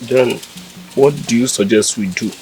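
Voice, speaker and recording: A man's voice: medium pitch, normal speed, darkish tone, faint music behind, natural voice, low-quality recording. A man playing a lamenting Nigerian village elder. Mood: grave. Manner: lamenting, questioning. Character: troubled village elder, a titled chief. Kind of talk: Nigerian film drama.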